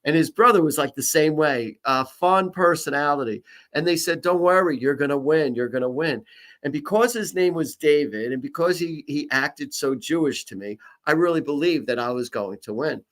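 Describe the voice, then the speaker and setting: A man's voice: a little high, animated, moderate pace, fairly bright tone. Rambling, jokey middle-aged male psychic host. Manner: rambling storyteller, jokey, many restarts. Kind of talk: casual live-stream chat and horoscope reading.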